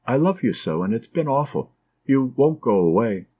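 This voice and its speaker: A man voicing a fragile, tender young woman nurse who speaks softly and pleadingly, in a slightly dull lo-fi recording. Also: mid-range voice, big pitch swings, moderate pace.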